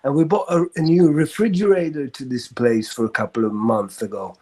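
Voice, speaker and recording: A man's voice: mid-range voice, steady tone, fairly quick, few pauses, darkish tone, breathy edge. A man hosting a casual group chat, laughing often and talking emphatically.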